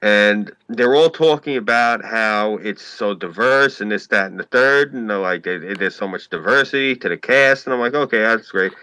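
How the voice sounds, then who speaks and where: Man, New York accent, casual talk, rambling, emphatic, swears a lot, bright edge, lowish voice. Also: moderate pace, few pauses, clean tone, low-quality recording. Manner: rambling, emphatic, profane, heavy use of "like". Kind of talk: casual chat.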